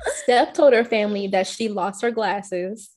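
A woman's voice: medium pitch, animated, measured pace, a little mellow. A woman co-hosting a casual movie podcast, recapping scenes with playful jokes. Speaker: podcast co-host.

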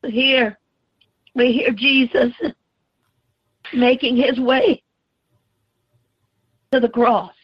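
A woman preacher delivering a fervent sermon, crying out and shouting to the congregation. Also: fairly high pitch, steady tone, drawn-out words, long pauses, breathy edge, dry recording. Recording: slightly dull lo-fi recording.

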